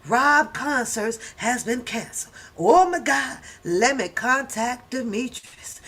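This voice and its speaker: A woman hosting a reaction channel, giving loud, profane, laughing commentary on a book. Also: on the high side.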